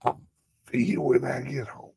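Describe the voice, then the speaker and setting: A male show host in an emotional, profane live-stream monologue, choked up and swinging between whispers and shouts. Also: mid-range voice, normal speed, no room sound. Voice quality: raspy, gravelly.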